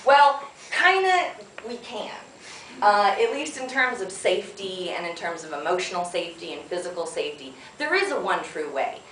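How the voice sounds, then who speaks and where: A woman's voice: medium pitch, big pitch swings, normal speed, fairly bright tone, slight background noise. Woman, conference presenter, frank and chatty, laughs a lot, echoey hall, distant mic. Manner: frank, chatty, laughs often, asks "right?". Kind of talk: conference talk. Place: conference room.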